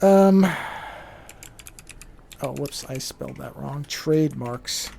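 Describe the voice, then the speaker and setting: A man co-hosting a podcast, talking in a halting casual way with many restarts. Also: mid-range voice, gravelly, warm tone. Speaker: podcast co-host. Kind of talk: casual chat.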